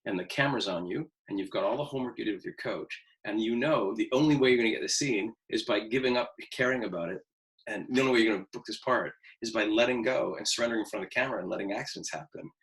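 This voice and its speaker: A man's voice: on the low side, fast talker, fairly bright tone, rough recording. A man in his fifties, an acting teacher giving a casual, candid talk to students, swearing freely and acting out his own inner voice with self-mocking humor. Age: 50s. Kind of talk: casual pre-class talk.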